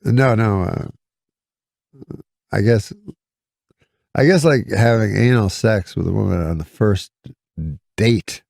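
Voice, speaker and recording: A man with a very gravelly, fry-heavy voice tells a rambling anecdote, deadpan and halting, with small chuckles and restarts. His pitch sits fairly low, and the sound is close and dry. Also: dry recording. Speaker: comedian guest.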